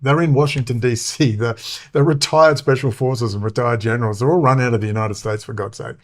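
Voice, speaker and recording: A middle-aged man delivering a loose, rambling monologue as a show host. His voice sits in an ordinary middle pitch. He talks heatedly, swears often and fills gaps with ums and uhs. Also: fairly even intonation, fairly quick. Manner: profane, heated, many fillers.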